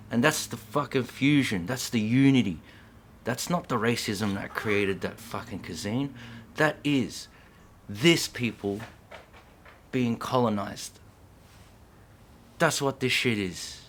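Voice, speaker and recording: A man's voice: medium pitch, a bit bright. Middle-aged man, mid-range voice, fired-up profane monologue, faint room hum behind. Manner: profane, slangy, heated, keeps checking in with "yeah?". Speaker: vlogger. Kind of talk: impassioned unscripted monologue.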